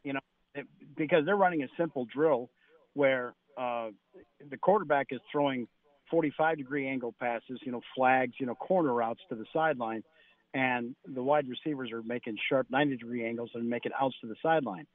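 A man's voice: medium pitch, a little fast, dry recording. A man reporting on football practice as a radio guest, talking animatedly and acting out what coaches said. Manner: animated, quotes coaches in lively bursts. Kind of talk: phoned-in radio interview. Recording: tinny phone line.

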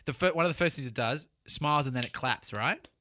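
A man's voice: mid-range voice, quick pace, sharp tone, no room sound, clean studio sound. A man co-hosting a casual podcast, joking around and laying out playful theories. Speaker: podcast co-host. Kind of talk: casual chat.

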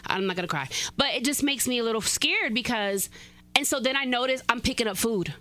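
A woman's voice: on the high side, animated, fairly quick, pushed and bright. A woman from Puerto Rico co-hosting a fitness podcast, chatting candidly and laughing easily. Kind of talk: casual chat.

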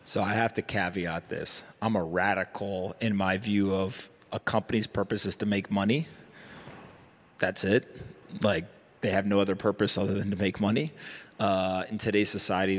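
This panel-discussion clip features a man, a guest investor on a conference stage, talking with emphasis and rhetorical asides. His voice sits on the low side, and a long reverb tail trails after his words.

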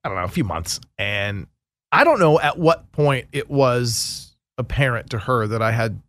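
A man's voice: mid-range voice, lively intonation, normal speed, a bit bright. A man hosting a podcast, telling stories in casual joking chat with frequent laughs. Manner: jokey storyteller, laughs often. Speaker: podcast host.

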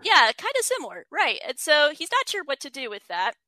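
A woman's voice: sits high, huge pitch swings, fairly quick, bright, forceful tone, dry recording, rough recording. A woman writer giving an interview, explaining ideas earnestly and reading quotes aloud. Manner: earnest, frequent restarts, reads quotes aloud. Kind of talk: thoughtful conversational explanation.

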